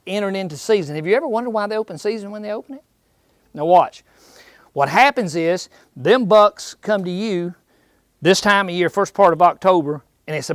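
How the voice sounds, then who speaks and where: Man, folksy seminar talk, slightly high voice, dry close sound. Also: no echo. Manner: jokey, quizzes the audience. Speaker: seminar speaker. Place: indoor archery shop seminar.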